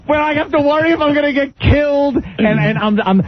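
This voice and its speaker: A man hosting a talk radio show, telling a long story in an animated way and acting out its people. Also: very high-pitched, fairly quick. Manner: animated, breaks into laughter, acts out the people in his story. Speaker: radio host. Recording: lo-fi radio broadcast.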